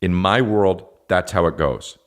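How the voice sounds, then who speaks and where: A man's voice: low voice, a little slow. A man hosting a comedy podcast, ranting in exasperated, profane bursts and slipping into mock voices. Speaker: podcast host. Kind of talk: comedic rant.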